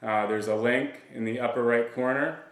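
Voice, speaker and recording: A man gives a relaxed, plain-spoken lesson as a dog trainer, talking at a middle pitch. He drops in easy fillers as he explains. His voice sits back from the mic in a roomy space with noticeable reflections. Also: normal speed. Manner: relaxed, plain-spoken, with frequent "you know" and "um". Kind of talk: casual instructional demonstration. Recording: roomy sound from a distance from the mic.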